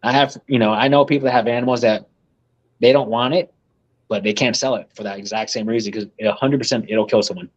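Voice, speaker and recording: On a live podcast, a man, a guest who breeds reptiles, rambles through profane stories and laughs at them himself, all in a casual storytelling mode. He talks fast with a medium pitch and steady tone. The audio sounds dull.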